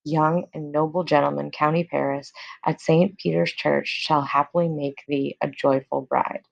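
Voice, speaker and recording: Brief: cold scheming noble mother, read plainly by a woman, gravelly, lo-fi. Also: low-pitched, level tone, moderate pace, dry recording. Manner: plain reading aloud.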